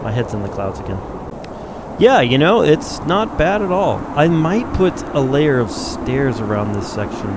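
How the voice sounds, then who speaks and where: A man's voice: mid-range voice, noisy background. Man thinking aloud over a build. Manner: thinking aloud, rambling, self-correcting. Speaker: gameplay commentator. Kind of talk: casual gameplay commentary.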